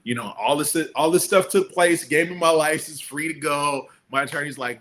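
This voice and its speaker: Bright-voiced man telling animated stories. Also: normal speed, hardly any pauses. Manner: animated, acts out quotes with big pitch jumps. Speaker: guest, entrepreneur. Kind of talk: storytelling in a casual interview.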